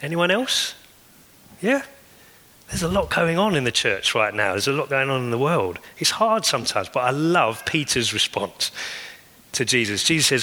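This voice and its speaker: A pastor delivers an earnest sermon, stacking repeated phrases for emphasis. His voice is bright and forward at a middle pitch. It rings out with a long reverb, as in a large church hall. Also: animated, brisk.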